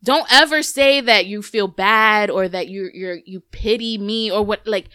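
Woman in her thirties, bright tense voice, candid swearing podcast host, dry close sound. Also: medium pitch, a little slow, clear, resonant tone, dry recording. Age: 30s. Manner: candid, profane, animated storytelling. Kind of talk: casual chat.

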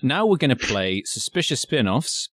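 A man's voice: medium pitch, very animated, moderate pace, loud music behind the voice. A man hosting a casual film podcast, rambling and joking, now and then slipping into silly put-on voices. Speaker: podcast host.

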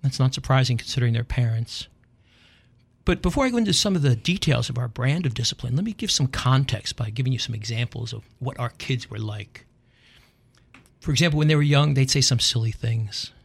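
A middle-aged man and radio host giving a humorous monologue, telling dry, deadpan stories with wry punchlines. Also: medium pitch, brisk, creaky, slightly rough.

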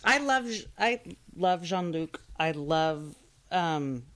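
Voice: medium pitch, animated, slow, a bit bright. A podcast co-host chatting casually, effusive and wry. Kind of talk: casual review chat.

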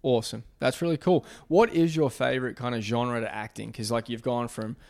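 Gravelly man hosting a podcast. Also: mid-range voice, steady tone. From Australia. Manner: halting, restarts phrases, many fillers. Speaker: podcast host. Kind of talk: casual interview chat.

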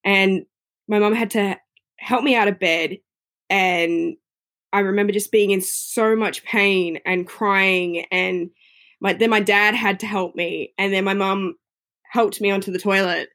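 A woman recounts a personal story in a relaxed, conversational flow. Her voice sits at a middling pitch, and she sprinkles her talk with easy fillers. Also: measured pace. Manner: chatty, frequent "you know" fillers.

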